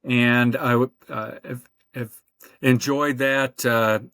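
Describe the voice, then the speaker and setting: An older man, a podcast guest, telling his career story in a relaxed, rambling way with many fillers, over a remote call. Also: mid-range voice, slow, smooth, no echo. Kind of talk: conversational interview.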